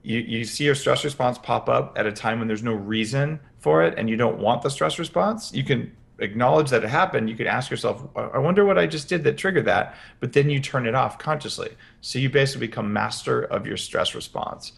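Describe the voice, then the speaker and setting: A man as a podcast guest, explaining practical health advice in an energetic interview. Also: mid-range voice, brisk, gravelly, hardly any pauses. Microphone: headphones with podcast mic.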